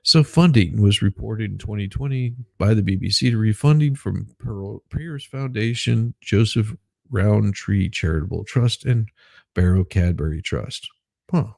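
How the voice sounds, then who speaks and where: A man's voice: on the low side, a little slow, gravelly, darkish tone, no echo, clean studio sound. A man hosting his own show, reading news articles aloud and breaking off into sarcastic, rambling asides and self-deprecating remarks. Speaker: host.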